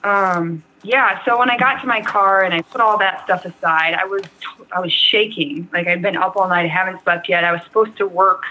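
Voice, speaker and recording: A young adult woman with a low-ish, sharp-toned voice speaks at a moderate pace over a tinny, phone-like line. As an interview guest, she tells her own story candidly and ramblingly, with heavy use of "like" and "um."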